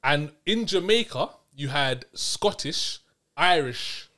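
A man hosting a casual film review podcast, teasing his guest and explaining things in a relaxed way. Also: fairly high pitch, slow. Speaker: podcast host. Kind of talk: casual chat.

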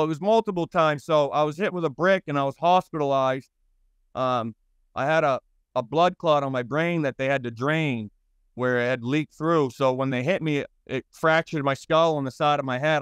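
A man in his thirties with a Boston accent, a guest telling his stories in a blunt, rambling and profane way, with halting restarts. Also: mid-range voice, fairly bright tone, clean tone, no room sound, highs cut off. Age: 30s. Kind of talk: interview storytelling.

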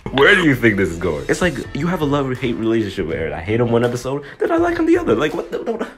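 A young man giving excited, slangy anime reaction commentary, joking and breaking into yells. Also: mid-range voice, fast, faint music behind. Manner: hyped, slangy, jokey, bursts into yells. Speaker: anime youtuber.

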